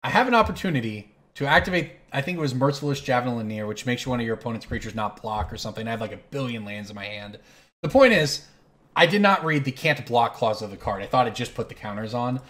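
Playing an online card game on stream, this host talks fast in a medium-pitched voice. He's an animated storyteller who rambles through a long anecdote between moves and keeps correcting himself.

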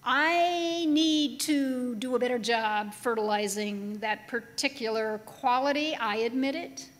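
A woman preaching a sermon in a chapel, telling a story with humor in a slow, deliberate way. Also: a little high. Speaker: pastor. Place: large chapel. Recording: long reverb of a chapel hall.

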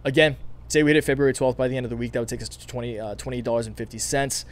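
A man with a scratchy throat runs through his stock picks at a rapid clip, eager and loose. His voice sits at a middling pitch, and he stumbles through restarts and plenty of fillers as he talks to his viewers. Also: fairly even intonation. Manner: fast, filler-heavy, enthusiastic talk with many restarts. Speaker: stock market channel host. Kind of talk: casual market analysis to viewers.

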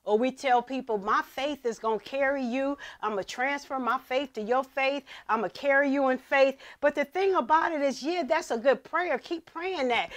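A woman pastor preaching a sermon, reading scripture with dramatic emphasis and dropping to a hush for asides. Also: high-pitched, normal speed, few pauses. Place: church.

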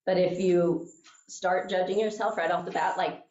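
Woman instructor, lowish voice, chatty, keeps asking "okay?", recorded from a distance with a dull sound. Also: fairly even intonation, normal speed, darkish tone. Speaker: class instructor. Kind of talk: teaching a class, telling a story. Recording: echoey room, mic at a distance, dull sound.

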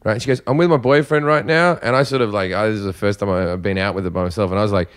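A man's voice: lowish voice, rapid-fire, smooth. A man telling stories in casual, profane chat, acting out the voices of the people in them. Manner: profane, animated, acts out voices. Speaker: comedian guest.

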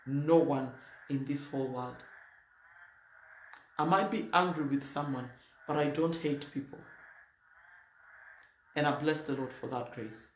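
A woman's voice: extremely low pitch, measured pace, pauses often. A woman pastor preaching a sermon in a blunt, emphatic, plain-spoken way. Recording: roomy echo, faint noise.

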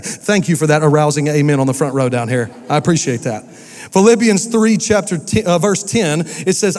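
Energetic high-voiced preacher in a reverberant hall. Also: male voice, fairly quick. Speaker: pastor. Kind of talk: sermon. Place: church sanctuary.

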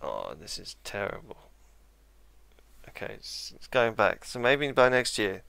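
A man's voice: lowish voice, wildly swooping pitch, a little slow, vocal fry, sharp tone, clean tone. A man musing aloud while playing a strategy game, correcting himself and adding dry asides. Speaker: let's play gamer. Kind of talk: casual game commentary.

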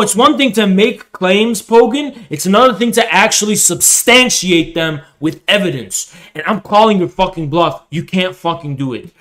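A man reacting to a video in an angry, profane rant, taunting his target and swinging between shouting and low, menacing mutters. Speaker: political streamer reacting to a video.

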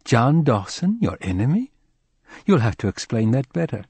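A man's voice: medium pitch, sing-song, moderate pace, darkish tone, husky, no echo. A man voicing an insistent male questioner in an audiobook, pressing with repeated questions.

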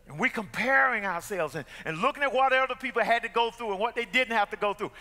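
Middle-aged male pastor, high and piercing, preaching with repeated refrains in a big echoing sanctuary. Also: expressive, fast talker, sharp tone. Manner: impassioned, repetitive preaching with audience call-and-response. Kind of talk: sermon. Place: church sanctuary with gallery. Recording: long hall reverb from church.

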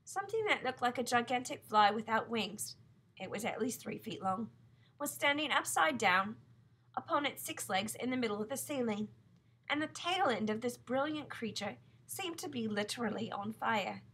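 Bright, husky woman reading a story. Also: on the high side, normal speed. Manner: calm, even read-aloud. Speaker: audiobook reader. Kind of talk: storybook narration.

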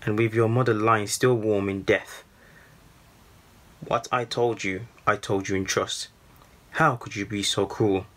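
A man reading the lines of a gentle, grieving foster father in a storybook. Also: on the low side, steady tone, measured pace, long pauses. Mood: sorrowful. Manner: gentle and sorrowful.

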